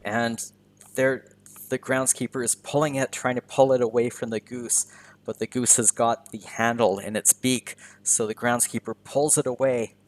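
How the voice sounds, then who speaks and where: A man's voice: medium pitch, steady tone, normal speed. A man teaching English by narrating a video game in simple words, often repeating and rephrasing himself as he goes. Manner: repeats and rephrases simple sentences, self-correcting. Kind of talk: slow, simple narration of gameplay for learners.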